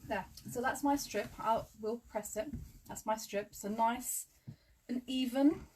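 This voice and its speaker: A woman's voice: a little high, measured pace, a little mellow, a little hiss or hum. A woman teaching quilting in a chatty live tutorial. She talks through measurements step by step and drifts into friendly asides.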